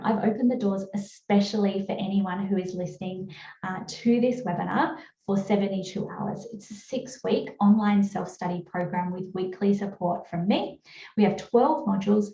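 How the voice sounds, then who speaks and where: An upbeat Australian woman presents a webinar over a roomy-sounding video call, giving a chatty sales pitch full of fillers. Her voice is mellow, and the sound is lo-fi.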